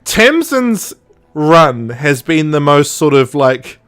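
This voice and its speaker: Slow and smooth, this man's higher-pitched voice carries over faint background music. He hosts a podcast and spins a story conversationally, voicing the quoted dialogue with lively, laughing energy.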